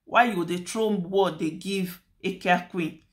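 This commentary host's voice is fairly low and her pace measured. She has a Nigerian accent and talks through a dispute in relaxed Nigerian Pidgin, lecturing and repeating what she's said.

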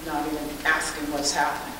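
A woman giving a faith-based public speech, preacherly, building to loud emphatic peaks, recorded from a distant mic in a very echoey hall with faint hiss. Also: deep voice, monotone, brisk. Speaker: guest speaker.

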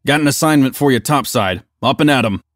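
A man voicing a gruff, lazy police sergeant who growls his blunt, crude orders. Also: mid-range voice, fairly quick, a bit bright, dry recording, clean studio sound, voice pushed up, close to an everyday voice. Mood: grumbling.

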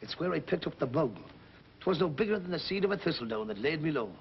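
A man's voice: on the high side, expressive, fast talker, creaky. A man playing a folksy wounded soldier in a 1930s film. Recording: dull old film soundtrack with hiss.

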